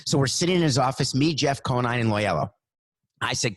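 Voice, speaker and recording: A middle-aged man on a sports talk show, telling an animated anecdote and acting out the phone calls in it. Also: medium pitch, fairly quick, no room sound. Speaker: guest storyteller.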